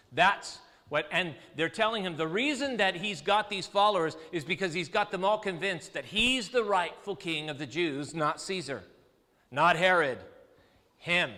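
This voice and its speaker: A male pastor preaching a sermon, telling the story with lively, acted-out quotes. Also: high voice, moderate pace, big-room sound. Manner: animated storytelling preacher, acts out quoted voices. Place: church sanctuary.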